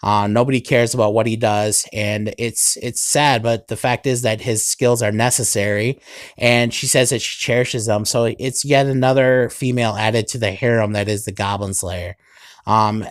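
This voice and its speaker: Young man, anime reviewer, casual recap, rambling, smooth resonant voice, dry close sound. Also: mid-range voice, no echo. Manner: rambling, full of "um" and "basically".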